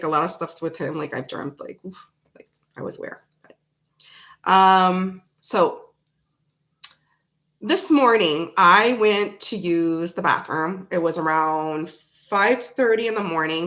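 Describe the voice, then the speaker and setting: A woman's voice: fairly low pitch, fairly bright tone. A woman in her thirties hosting a live tarot stream, chatting in a frank, rambling way and often laughing. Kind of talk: casual live-stream chat.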